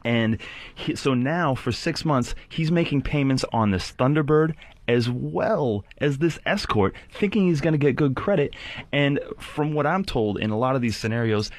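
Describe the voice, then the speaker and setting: A man's voice: medium pitch, animated, normal speed. A man telling a long story on a podcast, rambling and often restarting his sentences. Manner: rambling, self-interrupting storyteller, acts out quotes. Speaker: podcast co-host.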